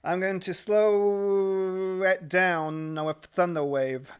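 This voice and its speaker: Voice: medium pitch, steady tone, very slow, clean tone. A tabletop game player who talks hesitantly, with many fillers and restarts, and who is precise about the rules. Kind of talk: casual tabletop play.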